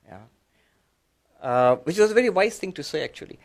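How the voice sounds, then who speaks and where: Man speaking in a slightly high register. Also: expressive, fairly quick. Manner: conversational, with many fillers and restarts; explains symbols patiently, step by step. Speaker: monk. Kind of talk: reflective talk to an audience.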